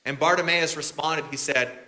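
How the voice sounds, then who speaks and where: Bright-voiced male pastor telling a story. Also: a little high, steady tone, normal speed. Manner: casual, chatty, bantering with the congregation. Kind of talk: storytelling sermon.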